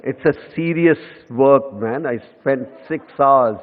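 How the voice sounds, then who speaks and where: A man's voice: mid-range voice, a little slow. An Indian man in his fifties tells stories from a lectern in a big echoing hall. The sound is thin and tinny, as if heard over a phone line. He speaks with an Indian English accent, mocks himself cheerfully and mixes in Hindi phrases. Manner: anecdotal and self-mocking, slipping into Hindi. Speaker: guest lecturer. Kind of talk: humorous public lecture. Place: lecture hall.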